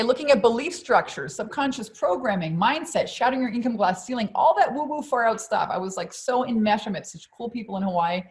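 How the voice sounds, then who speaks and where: A woman coaching through a live stream at mid pitch, loud and fired up, swearing freely. She keeps turning to the chat to rally her viewers. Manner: energetic, profane, keeps addressing the audience. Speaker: business coach.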